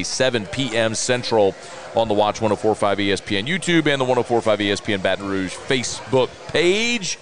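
A man's voice: on the low side, a bit bright. A man hosting a sports talk show, chatty and upbeat, laughing easily.

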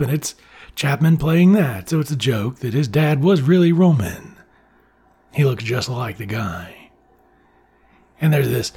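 A man's voice: mid-range voice, darkish tone, slightly rough. A man casually retelling a comedy film's plot in a loose, chatty way, swearing now and then. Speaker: film reviewer. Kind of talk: casual film recap.

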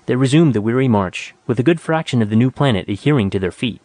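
Man, audiobook narrator, measured delivery, dry close mic. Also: mid-range voice, expressive, a little mellow, no echo.

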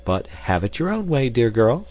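Guy narrator doing a smug rich suitor, low husky voice, cold and sneering. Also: very animated, normal speed, lo-fi sound, heavily acted. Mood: cold mocking. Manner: cold, mocking. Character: arrogant wealthy man courting a young woman.

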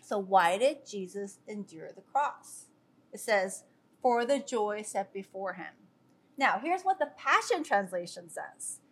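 A woman's voice: mid-range voice, sing-song, measured pace, slight background noise. A woman earnestly sharing a personal faith testimony with viewers, talking loosely with many fillers and restarts. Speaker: speaker sharing a devotional.

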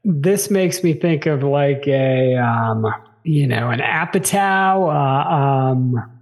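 A man co-hosting a casual movie trivia podcast, chatty and quick to laugh. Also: medium pitch, expressive. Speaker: podcast co-host.

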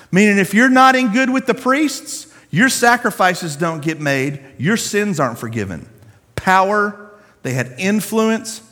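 A pastor with a high, very lively voice preaches in a casual, slangy storytelling manner. His voice carries a long reverb from the large hall. He speaks to a congregation in a room. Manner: animated, conversational, slangy storytelling. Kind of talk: sermon.

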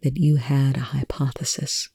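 A reader voicing a calm, commanding male officer who speaks quietly and slowly. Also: creaky, breathy edge, dry recording. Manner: quiet, low and slow.

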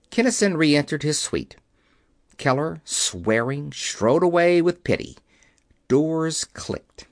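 A man's voice: fairly high pitch, very animated, takes it slowly, no room sound, clean studio sound. A man narrating a novel as an audiobook reader. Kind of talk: scripted narration.

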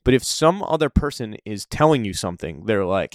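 Lowish-voiced guy chatting and telling stories, laughs a lot, dry close sound. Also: brisk, few pauses, no echo. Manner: storytelling, animated, laughs often. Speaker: interview guest. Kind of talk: casual conversation.

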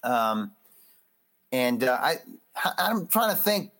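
A man who is a boxing magazine editor, chatting loosely as a podcast guest, animated and full of restarts. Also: medium pitch, slow pace. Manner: animated, loose, acts out quotes; frequent restarts and fillers. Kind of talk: casual interview chat.

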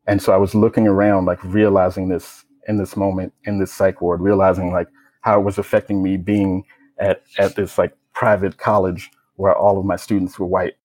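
A young man from the United States recounting a personal experience in a low-key, reflective way, with many casual fillers. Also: flat delivery, moderate pace, darkish tone, rough recording. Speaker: storyteller. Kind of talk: personal testimony.

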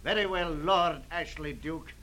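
A man's voice: a little high, a little slow, bright, forceful tone. An actor playing a Scottish man with a thick brogue and an earnest manner, in 1940s radio drama. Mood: pleading, defiant. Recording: old radio broadcast with faint hiss.

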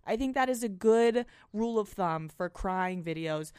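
A young woman rants through a casual solo podcast, blunt and full of swearing. Her voice sits at an ordinary pitch and is recorded dry and close, with no room sound. She gets louder and more animated the further she goes. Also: normal speed, clear, resonant tone, no room sound. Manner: blunt, frequent swearing, rising and animated when ranting. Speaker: podcast host. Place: small apartment.

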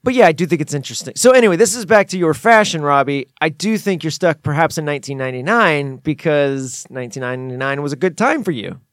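Man, podcast co-host, higher voice, playful, rambling, dry close mic. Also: expressive, fast, hardly any pauses, a bit bright, dry recording. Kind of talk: casual chat.

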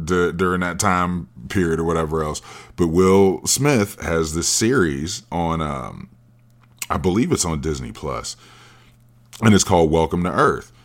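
A man hosting his own podcast, talking alone in a casual, profane and emphatic rant. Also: sits low. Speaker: podcast host.

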